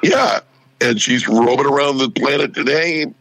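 A man's voice: medium pitch, unhurried, vocal fry, breathy edge, no room sound, poor audio. A middle-aged man casually telling a long anecdote and acting out the voices of the people in it. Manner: animated anecdote teller who acts out quoted voices. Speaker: radio show personality. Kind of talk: casual storytelling.

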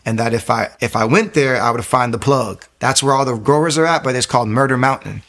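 A man in his thirties giving a personal faith testimony, talking fast, restarting phrases and growing louder and higher at emotional peaks. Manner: fast, rambling storytelling with frequent restarts.

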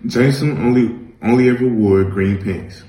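A man reading a children's picture book aloud in a gentle, measured storytelling manner. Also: medium pitch, reverberant, slight background noise, low-quality recording. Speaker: reader.

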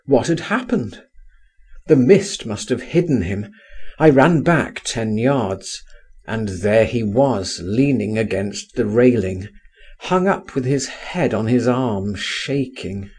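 Guy reading an old story out loud, slow and husky, voice goes way up and down. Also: medium pitch. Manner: expressive, persuasive, lively intonation. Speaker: narrator. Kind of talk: audiobook narration.

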